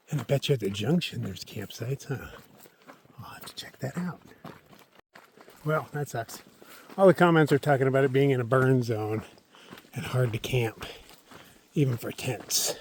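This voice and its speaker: A man with a gravelly voice, talking in a relaxed, chatty way as he hikes a mountain trail and records himself on a handheld camera. There is faint outdoor noise behind him. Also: medium pitch. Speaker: solo thru-hiker vlogger. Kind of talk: casual vlog narration while hiking.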